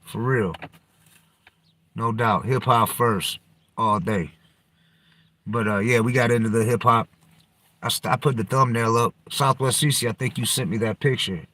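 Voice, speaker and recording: A man's voice: mid-range voice, measured pace, long pauses, fairly bright tone. A man hosting a podcast, talking loosely in slang and profanity and jumping from topic to topic. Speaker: podcast host. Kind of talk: casual rambling chat.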